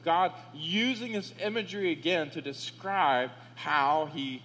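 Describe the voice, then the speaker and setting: A man with a high voice preaching a sermon at a slow, deliberate pace. He reads scripture with weight and presses his points with fervor. The recording carries a long reverb from the sanctuary and a faint hum underneath. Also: a bit bright. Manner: slow, emphatic scripture reading with rising fervor. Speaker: pastor.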